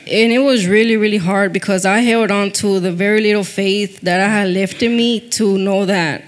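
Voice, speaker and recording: Woman sharing testimony, halting and emotional, mid-range voice, echoing hall. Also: mid-range voice, fairly even intonation. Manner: hesitant, emotional storytelling. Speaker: church member giving testimony. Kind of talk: personal testimony. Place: church stage. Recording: reverberant church hall.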